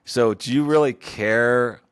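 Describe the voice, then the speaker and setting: A man's voice: medium pitch, takes it slowly, clean tone, no room sound. A man co-hosting a podcast, chatting in an easygoing way and asking questions. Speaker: podcast co-host. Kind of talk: casual chat.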